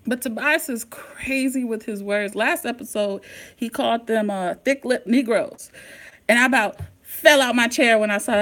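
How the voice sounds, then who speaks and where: A woman hosting a casual live-stream recap, talking straight to her viewers in an excitable, slangy way. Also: fairly high pitch, moderate pace. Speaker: TV recap host.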